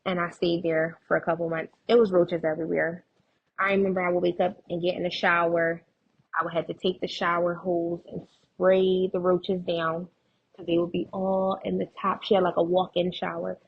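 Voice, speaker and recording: A young woman telling her personal story as a guest in an interview, lively and expressive, often quoting other people. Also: lowish voice, moderate pace, gravelly, husky, highs cut off. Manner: animated retelling with quoted voices and laughs.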